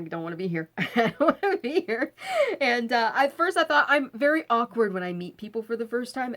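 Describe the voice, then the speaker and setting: A woman in her thirties, tired, telling a personal ghost story in a casual vlog and acting out the quotes with lively voice changes. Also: medium pitch. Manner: animated, acts out quotes with voice changes. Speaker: vlogger.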